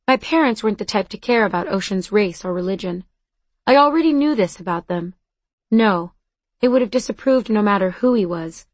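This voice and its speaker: A woman's voice: mid-range voice, no echo. Earnest woman narrating an audiobook. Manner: earnest, conversational storytelling. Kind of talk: first-person scripted narration.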